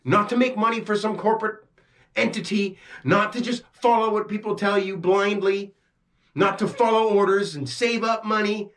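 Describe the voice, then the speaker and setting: A man's voice: high voice, steady tone, moderate pace, fairly bright tone. A man delivering a frustrated, preachy rant straight to camera as a self-styled spiritual teacher, swearing freely. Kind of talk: ranting monologue to camera.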